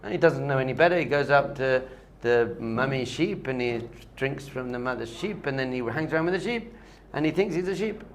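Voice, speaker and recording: A man's voice: mid-range voice, animated, fairly quick, few pauses, slight background noise. A man, a rabbi, giving a spiritual lesson with a story, talking animatedly and repeating key points for emphasis.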